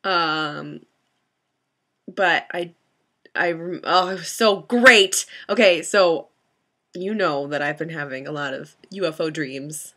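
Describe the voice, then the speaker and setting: Giggly, bright-voiced young woman vlogger. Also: deep voice, takes it slowly. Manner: giggly, excitable, rambling with many restarts. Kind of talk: casual dream-telling vlog.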